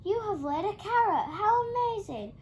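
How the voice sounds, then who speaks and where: A woman voicing a fussy, cross female farm duck in a shrill, scolding voice for a storybook. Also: sing-song, fast, fairly bright tone, dull audio, slight background noise. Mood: delighted.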